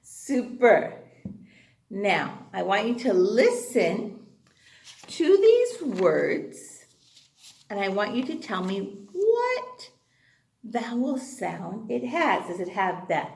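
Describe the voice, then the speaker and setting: A woman's voice: mid-range voice, big pitch swings, extremely slow, creaky, pauses often, a little mellow, echoey room. A woman teaching a phonics lesson to young children in an exaggerated, sing-song way, gasping with delight between questions. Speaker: kindergarten teacher.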